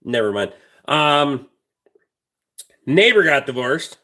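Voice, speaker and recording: Foul-mouthed man with a bright voice. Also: medium pitch, very animated, takes it slowly. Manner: blunt, heavily profane. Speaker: livestream host. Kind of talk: rambling casual storytelling.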